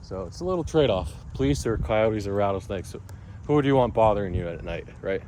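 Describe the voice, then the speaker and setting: A man vlogs about crypto and his day in a loose, digressive rambling monologue packed with restarts and asides. His lowish voice is warm, expressive and a little fast, with a slight hiss or hum on the recording.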